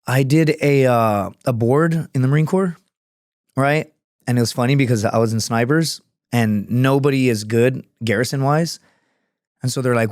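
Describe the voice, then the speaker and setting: A man's voice: medium pitch, moderate pace, a little mellow, dry recording, clean studio sound. Rambling, profane man. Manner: rambling, profane, jumps between stories. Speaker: podcast guest, former Marine scout sniper and comedian. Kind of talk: casual storytelling chat.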